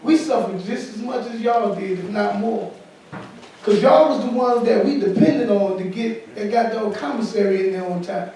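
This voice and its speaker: A man's voice: sits high, moderate pace, warm tone, a little hiss or hum. A man who is a pastor, giving candid, informal remarks on a panel at a summit. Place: conference room at a summit. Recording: echoey hall, from far off.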